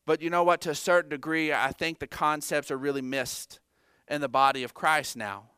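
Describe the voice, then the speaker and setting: A middle-aged male pastor preaching a sermon in a church, animated and joking with the congregation between points. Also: on the high side, moderate pace, clear, resonant tone, dry recording, studio quality. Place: church sanctuary.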